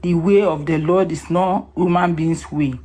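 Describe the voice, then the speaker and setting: Emotional woman, voice set low. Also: fairly even intonation, measured pace, dark tone. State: emotional, close to tears.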